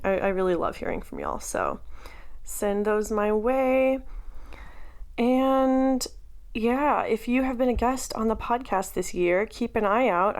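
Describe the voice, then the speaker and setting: A woman hosting a podcast in a chatty, self-deprecating casual way, full of fillers. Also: mid-range voice. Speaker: podcast host.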